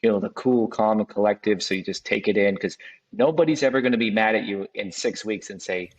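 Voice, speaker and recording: A man's voice: lowish voice, a little fast, muffled recording. A man who runs a custom home building business, speaking reflectively in casual conversation and often restarting his sentences. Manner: reflective, restarts often, acts out clients' voices.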